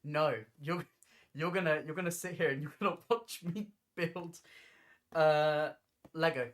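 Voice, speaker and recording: A woman chatting on a casual livestream from her home floor at night, loud, scattered and giggly as she talks. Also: deep voice, unhurried.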